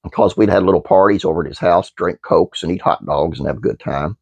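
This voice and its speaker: A man's voice: sits low, fast, vocal fry, no room sound, highs cut off. A man hosting his own channel, reading a trivia script aloud with fillers and restarts, then chatting casually to viewers. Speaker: channel host.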